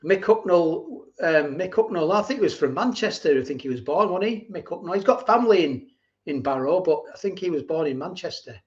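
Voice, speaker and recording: A man's voice: sits high, expressive, brisk. A middle-aged man chatting casually on a livestream, rambling and repeating himself as he answers viewers. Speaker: livestream host. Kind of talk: casual live chat reading viewer comments. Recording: dull lo-fi stream audio.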